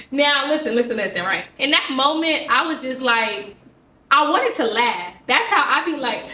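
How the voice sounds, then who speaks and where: A woman speaking with a bright, high voice that sounds forceful and sharp. She tells a classroom story with lively, expressive delivery. The recording sounds roomy, with the mic set back from her. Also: a little slow, distant mic. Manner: animated, expressive, quoting herself and others. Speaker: teacher. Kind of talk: casual storytelling to camera.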